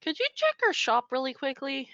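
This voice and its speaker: A woman taking part as a player in a tabletop game, halting as she searches for words. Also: high voice, very animated, pushed and bright, no room sound, highs cut off.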